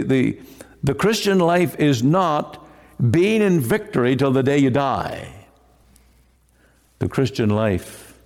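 A man's voice: mid-range voice, a little mellow. A man preaching a sermon in an earnest, emphatic way. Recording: long hall reverb.

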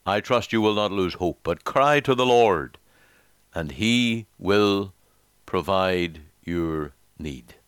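A male preacher telling an illustrative story in a measured, solemn sermon style. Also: sits low, lively intonation, clear, resonant tone, no room sound, clean studio sound.

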